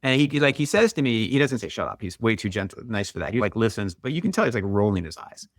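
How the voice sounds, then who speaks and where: A middle-aged man, a guest author and marathoner, telling stories in a quick, animated, conversational way, full of "like" and "right?". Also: on the low side, no echo, studio quality. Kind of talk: conversational storytelling.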